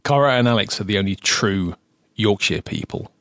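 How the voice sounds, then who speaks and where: A man's voice: fairly low pitch, normal speed, a bit bright, no echo, studio quality. Chatty southern English man hosting a podcast. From south of England. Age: adult, lived ten years in current home. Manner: chatty, hesitant with many restarts. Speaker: podcast host. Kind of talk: casual podcast chat.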